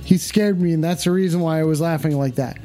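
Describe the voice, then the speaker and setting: A loud, foul-mouthed man hosting a livestream, his voice pitched high as he shouts catchphrases at the camera. Faint music plays behind him. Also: quick pace. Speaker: livestream host. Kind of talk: rowdy livestream banter. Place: at home in front of cameras.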